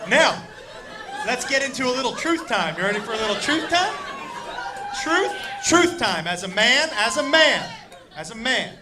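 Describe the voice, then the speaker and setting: A man telling a wild story in a stand-up set, animated and shouting punchlines while voicing the people in it. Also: very high voice, normal speed. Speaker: stand-up comedian. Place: comedy club stage before a laughing audience. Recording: live club recording with crowd noise.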